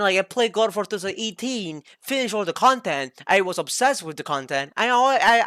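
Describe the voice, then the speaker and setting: A woman's voice: fairly low pitch, a bit bright, no room sound, clean studio sound. A woman streamer ranting in a heated, emphatic casual monologue, swearing often.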